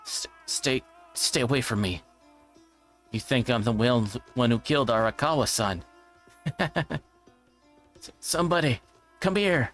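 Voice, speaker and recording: A man reading a visual novel aloud, voicing a frightened, defiant teenage girl who talks in a strained, panicked, shouting way. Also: medium pitch, measured pace, faint music behind, close to an everyday voice. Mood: terrified.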